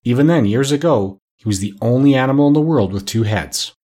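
A man reading a classic children's story aloud with expressive, animated storytelling. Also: medium pitch, fairly quick. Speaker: storybook narrator.

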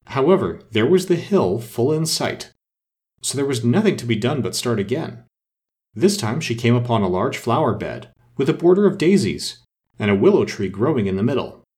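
Animated man reading a storybook aloud. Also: mid-range voice, normal speed. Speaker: narrator.

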